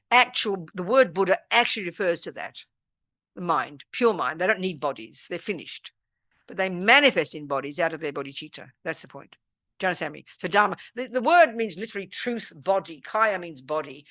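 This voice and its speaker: A woman leads a Buddhist retreat session in a bright, forceful voice. She speaks emphatically and directly, and often breaks off to ask whether her listeners understand. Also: fairly low pitch. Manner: emphatic and forthright, often checking "do you understand?". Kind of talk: live dharma teaching with questions and answers. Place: meditation center teaching room.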